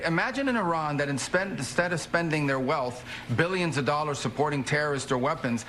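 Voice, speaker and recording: Brisk official on the record, slightly high voice, quick clip, faint hiss behind. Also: male voice, a bit bright. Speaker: politician in a played clip. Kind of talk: measured press remarks.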